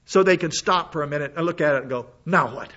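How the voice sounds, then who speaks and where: Man, sermon, high bright voice, folksy asides, sick and coughing, muffled lo-fi sound. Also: rapid-fire. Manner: conversational, folksy preaching with asides. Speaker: pastor. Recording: dull lo-fi sound.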